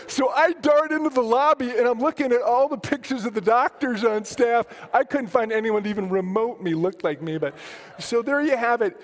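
A man, a pastor from Colorado, preaching a sermon in a storytelling way with self-deprecating humor and frequent restarts. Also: high-pitched. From Colorado, USA. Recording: long hall reverb.

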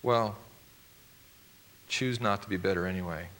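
A male pastor preaching a sermon, emphatic and swinging from loud declarations to hushed, quiet points. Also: on the low side, a little slow.

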